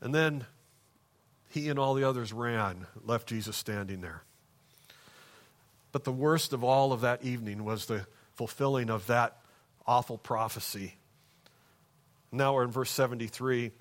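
A man's voice: mid-range voice, moderate pace. Man preaching with dramatic swings. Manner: dynamic preaching, swings from hushed to raised and emphatic. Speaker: pastor. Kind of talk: sermon.

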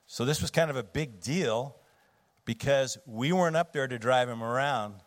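A man's voice: mid-range voice, normal speed. A middle-aged man preaching a sermon as pastor, telling a family story in a conversational way with fillers and restarts.

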